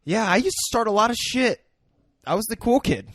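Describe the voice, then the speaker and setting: A man on a podcast telling stories and chiming in, loud and full of swearing. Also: sits high, animated, brisk, dry recording, clean studio sound. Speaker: podcast co-host. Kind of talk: casual chat.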